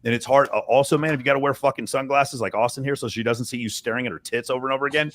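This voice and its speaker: A man's voice: mid-range voice, steady tone, rapid-fire, a little hiss or hum. A man talking bluntly and with a lot of swearing as a dating coach on a panel discussion. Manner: blunt and profane, mimics other men's voices. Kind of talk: casual panel talk.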